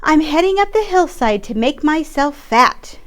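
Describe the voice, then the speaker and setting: A woman's voice: high-pitched, lively intonation, a little slow, pitched above the performer's own voice. A woman doing a timid bleating billy goat. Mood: meek. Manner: bleating, begging.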